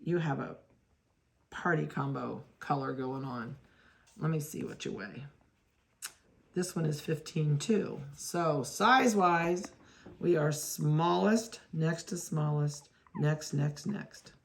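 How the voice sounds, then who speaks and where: This woman's voice is deep and slow, with vocal fry. She's a dog breeder at an indoor kennel, keeping up a chatty commentary as she handles puppies, speaking to them and laughing when she mixes things up.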